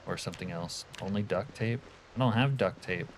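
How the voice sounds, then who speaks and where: A man's voice: fairly low pitch, brisk, slight background noise. A man streaming a game, chatting with viewers and muttering asides, swearing freely. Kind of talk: casual gameplay commentary.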